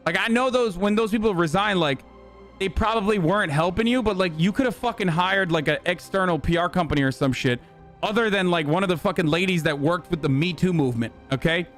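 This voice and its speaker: A man reacting to news clips as a streamer, delivering rapid, profane, exasperated live commentary. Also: sits high, a bit bright, faint music behind.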